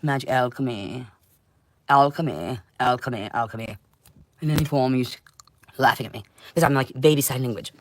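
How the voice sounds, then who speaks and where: A woman delivering an intense, rambling livestream monologue, swinging between loud outbursts and low muttering. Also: moderate pace, long pauses. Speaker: livestream host.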